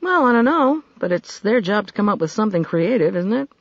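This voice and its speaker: A man voicing an eager, fretful male assistant who is quick to question and grow irritable. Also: high-pitched, sing-song, a bit bright, no echo, muffled recording, pitched above the performer's own voice, full character voice.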